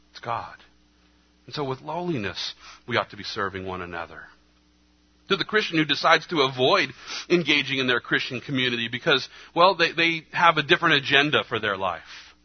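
A man preaching a sermon earnestly, his delivery moving between hushed, slow passages and emphatic ones. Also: mid-range voice, breathy edge. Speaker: pastor. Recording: slightly dull lo-fi sound.

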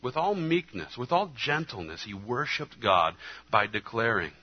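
A man's voice: mid-range voice, very animated, normal speed, husky. Earnest male preacher, slightly muffled. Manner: earnest preaching, swings between hushed and emphatic. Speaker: pastor. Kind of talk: sermon. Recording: slightly dull lo-fi sound.

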